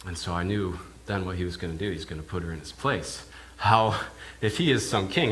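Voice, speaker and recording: A man, a minister, telling a sermon in character as a first-person eyewitness, halting and repeating words as he goes. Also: on the low side, a bit bright, a little hiss or hum. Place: church.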